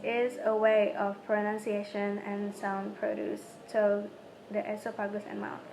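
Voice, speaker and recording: A young woman whose first language is Indonesian, a student reading her prepared exam answers aloud in short, halting phrases that often stumble. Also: medium pitch, completely flat delivery, vocal fry, noisy background.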